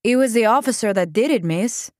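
A woman's voice: fairly high pitch, animated, brisk, no echo, clean studio sound, voice pushed up, close to an everyday voice. A woman voicing a short farm laborer who speaks in a casual, matter-of-fact way. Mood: offhand.

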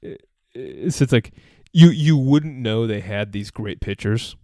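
A man's voice: medium pitch, lively intonation, slow, dark tone, dry recording, clean studio sound. A man in a casual podcast chat, eagerly reeling off sports statistics and tripping over his own words. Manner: rattles off statistics eagerly, stumbling and restarting.

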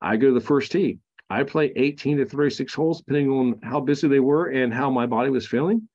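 A male veteran speaking candidly on a podcast, his voice in a middle register, halting with fillers and restarts. The audio sounds slightly muffled and dull. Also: medium pitch, darkish tone. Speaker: podcast guest, Marine veteran. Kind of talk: candid personal storytelling.

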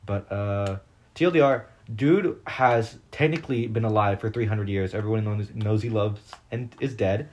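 A man co-hosting a casual podcast chat, telling stories in a rambling, excitable way full of fillers. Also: on the low side, moderate pace. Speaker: podcast co-host.

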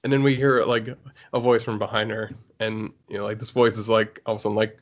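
A man's voice: fairly low pitch, level tone, fast talker. A man co-hosting a casual chat about shows, rambling with lots of fillers and restarts. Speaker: podcast co-host.

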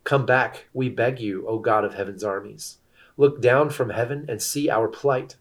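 A man reading scripture aloud as scripted narration, steady and measured. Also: medium pitch. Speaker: scripture reader.

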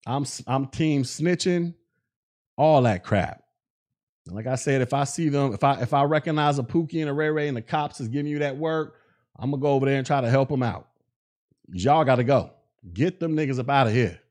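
A podcast host delivers blunt, mocking casual commentary and laughs at his own jokes. His voice is medium-pitched, brisk, and a little mellow.

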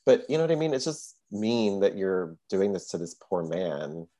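A woman co-hosting a podcast, chatting casually, swearing freely and jumping into quoted voices. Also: moderate pace. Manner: animated, swears, jumps into high quoted voices. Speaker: podcast co-host. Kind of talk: casual chat.

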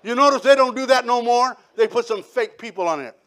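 Man preacher, very high voice, animated sermon storyteller. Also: brisk. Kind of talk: sermon testimony.

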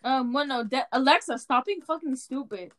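A woman's voice: sits high, normal speed, fairly bright tone, dry recording. A teenage girl in casual chat as a student podcast co-host, blunt and bossy, swearing freely.

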